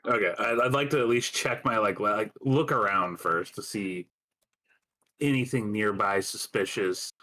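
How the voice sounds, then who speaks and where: A man's voice: on the low side, normal speed, bright, forceful tone. A man playing a tabletop game, asking lots of curious questions with many "like"s. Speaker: player. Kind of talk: casual tabletop game chat.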